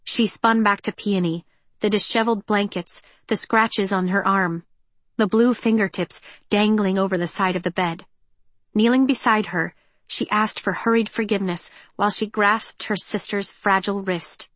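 A woman reading an audiobook in a measured, tense and expressive way. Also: medium pitch, dry recording. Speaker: narrator. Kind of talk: audiobook narration.

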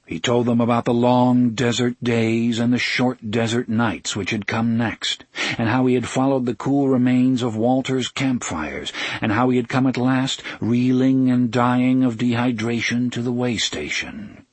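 Casting: male audiobook narrator, steady and even, husky voice, dry close sound. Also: medium pitch, a little slow, dry recording. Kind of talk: scripted narration.

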